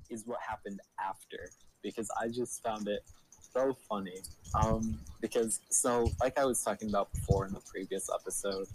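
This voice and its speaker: A man's voice: fairly low pitch, background noise. A young man with a slight Spanish-tinged English accent, co-hosting a podcast and telling stories in a loose, rambling way full of "like" and fillers. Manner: rambling, heavy use of "like" and fillers. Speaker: podcast co-host. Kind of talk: casual chat storytelling.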